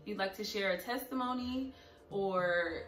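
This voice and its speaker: A woman's voice: mid-range voice, unhurried. Heartfelt young woman vlogging, echoey room. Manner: heartfelt, earnest, openly emotional. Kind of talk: personal story vlog. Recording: echoey room, a bit far from mic, soft music.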